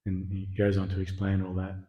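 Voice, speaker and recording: A man giving a scripture class, retelling the story in a relaxed, casual way with many fillers. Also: sits low, a little fast, lo-fi sound. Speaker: class speaker.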